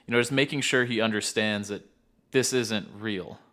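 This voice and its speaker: A man's voice: on the low side, normal speed, bright, forceful tone. A man co-hosting a podcast, talking loosely about his work with autistic clients, with many filler words. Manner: rambling, loose, lots of filler words and laughs. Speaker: podcast co-host who works with autistic clients. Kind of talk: casual podcast chat.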